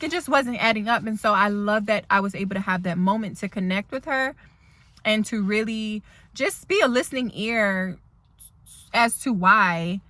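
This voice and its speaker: A woman's voice: medium pitch, a bit bright. A woman instructor telling a heartfelt story in a rambling, emotional vlog from her car. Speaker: dental assisting instructor. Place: parked car.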